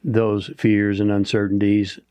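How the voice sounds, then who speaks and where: A man's voice: fairly low pitch, completely flat delivery, measured pace, mellow, clear, resonant tone, no room sound, muffled recording. A man co-hosting a motivational talk show, speaking earnestly and asking the listener rhetorical questions. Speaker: podcast co-host.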